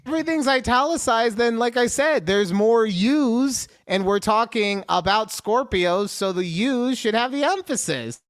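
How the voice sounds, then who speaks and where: A man's voice: very high voice, expressive, a little slow, hardly any pauses, dry recording. A man co-hosts a casual podcast chat and reads horoscopes aloud. He plays things up for laughs and swears freely. His voice is dry and close to the mic. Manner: joking, mock-dramatic, swears freely. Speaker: podcast co-host.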